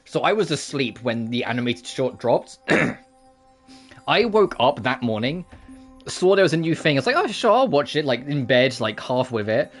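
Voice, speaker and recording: A young man casually commenting on a game as a streamer, chatty and emotional and quick to laugh. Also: medium pitch, animated, faint music behind. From United Kingdom.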